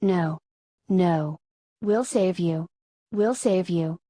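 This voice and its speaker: A woman reads a frantic queen mother in a storybook. Her commands are urgent and insistent, low-pitched, recorded close with no room echo. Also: drawn-out words, warm tone.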